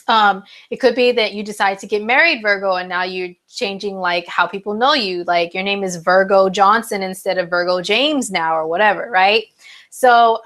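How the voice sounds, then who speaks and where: A young woman hosts a loose live horoscope stream, speaking into her phone. She is chatty and full of fillers, drifting into asides to her viewers at a middle pitch. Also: pushed and bright. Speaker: astrology livestream host. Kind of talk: casual live horoscope reading.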